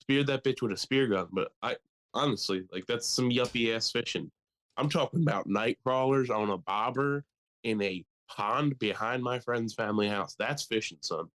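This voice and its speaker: A man's voice: mid-range voice, moderate pace. A young man co-hosting a casual podcast, swearing often and joking. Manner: profane, animated, jokey. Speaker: podcast co-host. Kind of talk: casual chat.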